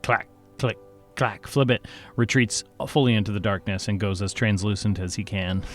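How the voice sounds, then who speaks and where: A man's voice: lowish voice, moderate pace, soft background music. A man narrating a tabletop game as game master, playful and making sound effects.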